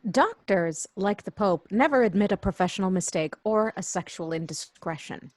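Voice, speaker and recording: A woman reading the part of an impatient, sharp-tongued guest in an amateur script read-through, with wry lines. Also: medium pitch, animated, moderate pace, no echo, lightly acted.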